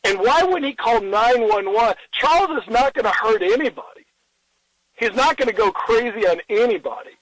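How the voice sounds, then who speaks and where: High-voiced middle-aged man recounting. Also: animated, fairly bright tone, dry recording, poor audio. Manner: earnest and halting, with many restarts and quoted dialogue. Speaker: interviewee. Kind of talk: recounting a personal story in an interview.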